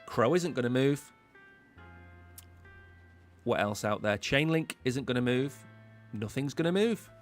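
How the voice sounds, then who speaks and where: A man hosting a live market commentary stream, talking in a chatty, rambling way and repeating words while he thinks. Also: medium pitch. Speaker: host.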